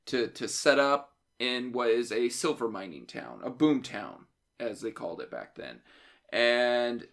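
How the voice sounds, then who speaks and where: Male podcast co-host, mid pitch, loose rambling delivery, easy laugh. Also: a bit bright. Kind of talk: casual movie review chat.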